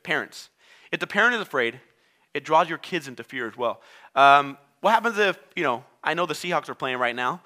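Native spanish speaker preaching, high bright voice, super lively, acts stuff out. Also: male voice. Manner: animated, acts out inner voices and quotes. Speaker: pastor. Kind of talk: sermon.

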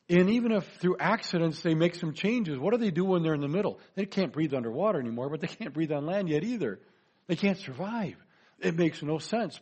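Husky man giving a folksy talk. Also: fairly high pitch, darkish tone. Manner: chatty, folksy, jokes to the audience. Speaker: lecturer. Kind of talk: presentation lecture with humor.

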